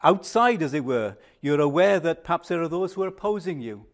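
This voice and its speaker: An older man preaching a sermon, measured and emphatic, dropping to a hush on reflective pauses. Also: fairly high pitch, lively intonation.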